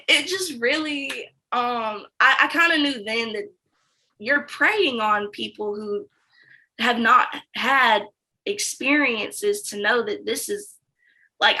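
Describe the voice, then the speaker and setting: A woman's voice: fairly high pitch, low-quality recording. A young woman interviewee, a former sales account manager, telling her story candidly and acting out the dialogue. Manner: animated storytelling that acts out quoted dialogue.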